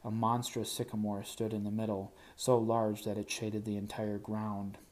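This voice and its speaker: A man narrating an audiobook in first person, wry and even. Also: fairly low pitch, normal speed.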